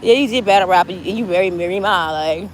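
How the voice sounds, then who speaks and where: A woman's voice: on the low side, fairly quick. Woman doing a gossip rant, blunt and mocking, curses a lot, faint hiss. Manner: blunt, mocking, swears freely. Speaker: gossip commentator. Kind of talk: casual gossip commentary.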